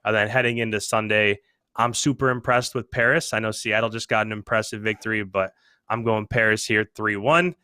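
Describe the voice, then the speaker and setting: A man who coaches esports, talking casually as a podcast guest and giving steady predictions. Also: on the low side, fairly quick, clear, resonant tone, dry recording, studio quality.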